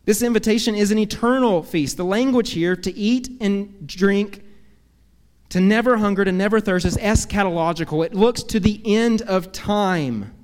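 A man preaches in a high, ringing voice. He stacks rhetorical questions and builds long lists with earnest emphasis. His words hang in the long reverb of a church hall. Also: normal speed, a little mellow, clear, resonant tone. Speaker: pastor. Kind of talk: sermon.

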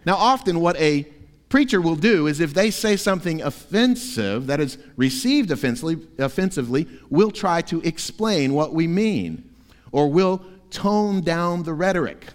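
A man preaching a sermon as pastor, emphatic, with forceful peaks. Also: fairly high pitch, expressive, moderate pace, big-room sound. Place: church sanctuary.

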